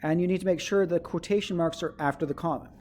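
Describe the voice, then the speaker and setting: A man's voice: a little high, quick pace, a little mellow, a little hiss or hum. Male teacher explaining step by step. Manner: explains step by step, checking in with "okay?". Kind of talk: classroom writing lesson for children.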